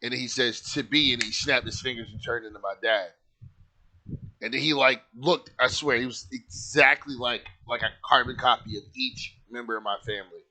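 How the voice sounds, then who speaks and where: A man's voice: mid-range voice, moderate pace, pushed and bright. A man casually telling a personal story, loose and profane, with lots of filler words.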